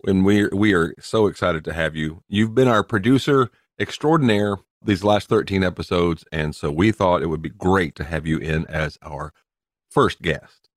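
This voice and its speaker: A man with a Southern US accent, co-hosting a podcast with a low, deep voice. He talks in a playful, teasing way. The recording is dry and close. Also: moderate pace, no echo. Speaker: podcast co-host. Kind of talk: casual podcast chat.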